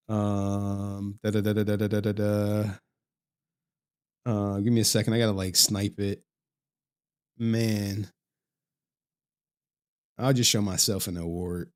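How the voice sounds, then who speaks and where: A man's voice: fairly low pitch, a little mellow. A man chatting casually on a live stream, talking straight to his chat in a loose, profane way and laughing often.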